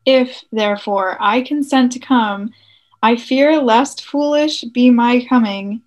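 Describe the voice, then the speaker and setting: Woman, co-host reader, higher pitch, very slow deliberate verse reading. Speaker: podcast co-host reading the poem aloud.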